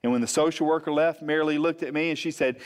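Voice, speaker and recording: A man, preaching as a pastor and telling a funny personal story, animated, acting out the quotes. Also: fairly high pitch, fast. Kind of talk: storytelling sermon. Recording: long hall reverb.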